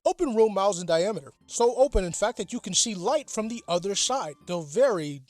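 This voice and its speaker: A man's voice: high-pitched, animated, fairly quick, a little mellow. Sarcastic, swearing young man recapping. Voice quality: sarcastic, profane, self-mocking. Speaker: youtuber recapping a manga. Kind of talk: comedic plot recap.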